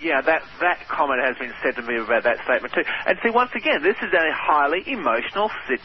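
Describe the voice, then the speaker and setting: A man's voice: a little high, lively intonation, quick pace. An Australian man as a radio guest, explaining eagerly with many fillers. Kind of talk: radio interview. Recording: muffled radio broadcast with faint hiss.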